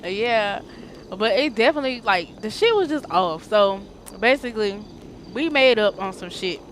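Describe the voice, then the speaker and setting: A woman's voice: mid-range voice, expressive, normal speed, a little hiss or hum. Woman telling a slangy, profane story. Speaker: streamer. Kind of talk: casual story time.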